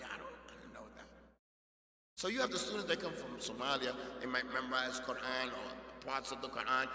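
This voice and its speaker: A man preaches in a mosque hall, his voice bright and forceful, ringing with a long echo. He swings from loud, emphatic exhortation down to quiet asides. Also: fairly high pitch. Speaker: imam giving a Friday sermon. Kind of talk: sermon. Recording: echoey hall reverb.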